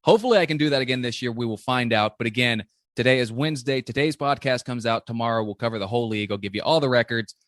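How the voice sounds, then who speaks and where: A man from Zanesville, Ohio, with a Central Ohio accent, hosting a casual sports podcast interview in a fast, excitable, self-deprecating way. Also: mid-range voice, dry recording, clean studio sound. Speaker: podcast host.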